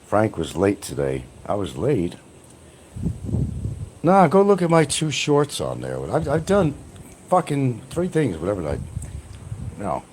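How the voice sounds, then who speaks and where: A man's voice: fairly low pitch, wildly swooping pitch, unhurried, long pauses, darkish tone, a little hiss or hum. An older retired man talking bluntly and profanely on a casual livestream, mocking people and laughing often. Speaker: livestream host. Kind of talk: casual rambling livestream chat.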